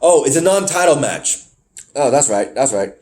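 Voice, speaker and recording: A man hosting a casual review podcast, rambling, correcting himself mid-sentence and getting excited. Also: mid-range voice, moderate pace. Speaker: podcast host.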